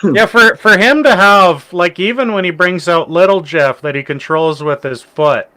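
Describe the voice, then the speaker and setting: High, bright-voiced man chatting. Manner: halting, restarts sentences. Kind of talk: casual chat.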